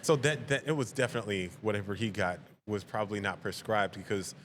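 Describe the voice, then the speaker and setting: A man with a fairly low voice chats casually as a podcast guest. He tells animated stories and acts out what his family says, with frequent laughter. Faint noise sits under the recording. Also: fast. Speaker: podcast guest, veteran father.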